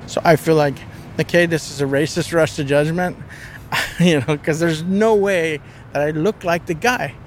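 A man's voice: fairly high pitch, moderate pace, slight background noise. A man as an interview guest, telling a story casually with a vivid, profane manner.

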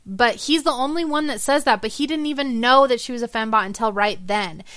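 A woman's voice: fairly high pitch, fairly quick, a bit bright, no echo, clean studio sound. A young woman co-hosting a movie podcast, talking casually and animatedly, laughing and acting out quotes. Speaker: podcast co-host. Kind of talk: casual chat.

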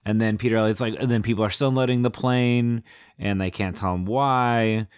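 A man's voice: on the low side, steady tone, fairly quick, clear, resonant tone, no room sound, studio quality. A man casually retelling a film with rambling, self-mocking asides. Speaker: film recapper.

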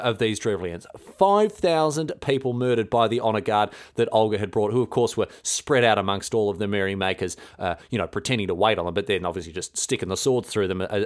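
A man hosting a podcast, telling a history story in an irreverent, rambling, slang-filled way. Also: on the low side. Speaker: podcast host.

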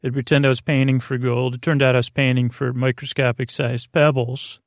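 Man, sleep podcast host, creaky voice, dry close sound, rambling goofy bedtime talk. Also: mid-range voice, level tone, dry recording. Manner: meandering, goofy asides, soft and unhurried.

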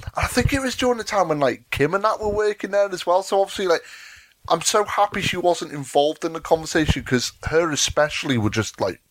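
A man's voice: on the high side, animated, brisk. A young man co-hosting a podcast, telling a story in a casual chat, swearing and laughing often. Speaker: podcast co-host.

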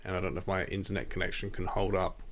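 A man's voice: low-pitched, flat delivery, very fast, slight background noise. A man hosting a podcast alone, chatting casually at home in a rambling, self-deprecating way. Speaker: podcast host. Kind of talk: casual solo chat. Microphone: audio interface.

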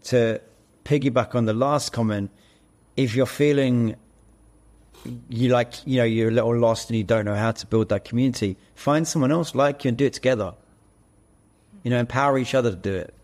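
A man's voice: mid-range voice, fairly quick, darkish tone. A man who is an actor and co-founder, speaking as a podcast guest and telling stories animatedly. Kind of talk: casual interview.

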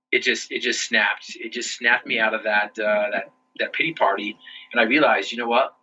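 A man in his forties, a podcast guest, telling his personal story in an earnest, motivational way and slowing down for emphasis. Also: medium pitch, pushed and bright, a little hiss or hum. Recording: distant, dull lo-fi sound.

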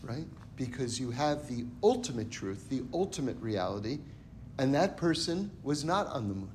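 A man's voice: medium pitch, very animated, moderate pace, a little mellow, a little hiss or hum. A man teaching a Torah lesson through stories, often checking in with his listeners by asking "right?". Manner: acts out characters in a story. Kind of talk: storytelling lesson.

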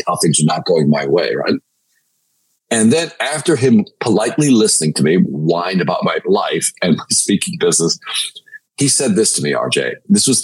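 Male guest sales trainer, animated storyteller, husky voice with lots of pitch swing. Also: low-quality recording. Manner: energetic, repeats "right?" to the listener.

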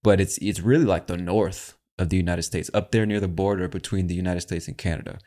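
Very deep-voiced, chatty male podcast host. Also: steady tone, brisk, dark tone. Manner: chatty, addresses the listener as "my friend". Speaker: host of an English-learning show. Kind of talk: casual podcast talk.

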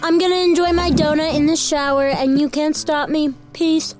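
An actress voicing a sarcastic, deadpan teenage daughter in an audio drama. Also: female voice, high voice, normal speed, faint music behind, natural voice. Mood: sassy. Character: sarcastic teenage girl, eye-rolling daughter.

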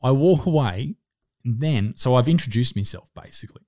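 A man's voice: mid-range voice, fairly quick. A man in his thirties, a podcast co-host telling stories in casual chat and laughing often. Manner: animated storyteller, laughs often.

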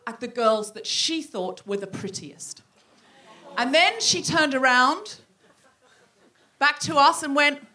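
A woman tells a funny story from her childhood on a live theatre stage. Her voice is bright and sits a little high. She throws herself into the other people's lines, jumping up in pitch to play them. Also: takes it slowly, long pauses. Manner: animated, acts out quoted voices. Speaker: comedian. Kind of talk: stand-up storytelling. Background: audience laughter.

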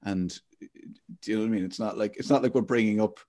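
Irish male host in his forties; deeper-pitched, earnest, thinks out loud. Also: quick pace. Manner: earnest, thinks aloud with restarts. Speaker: podcast host. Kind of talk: casual podcast chat.

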